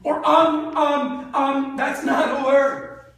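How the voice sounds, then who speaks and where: Sales trainer, male, high voice, playful crowd-quizzing delivery, echoey hall mic from far off. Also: takes it slowly, vocal fry. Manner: quizzes the audience with fill-in-the-blank questions; lively and joking. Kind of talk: live seminar talk to an audience. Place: large indoor room with an audience.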